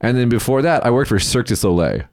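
A man hosting a casual podcast chat, a rambling, animated storyteller who acts out what others said. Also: medium pitch, quick pace, no room sound. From United States. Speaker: podcast host, company CEO.

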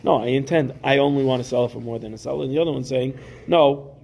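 A man's voice: mid-range voice, fast, creaky, darkish tone. A man giving a Talmud class to students, reading the Aramaic text and explaining it in casual English with everyday examples. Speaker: Talmud teacher.

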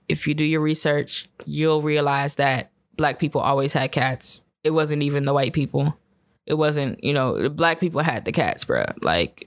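A woman's voice: low voice, a bit bright, no room sound, studio quality. Profane, rambling young woman podcaster. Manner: rambling, profane, laughing often. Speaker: podcast host. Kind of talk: casual solo podcast monologue.

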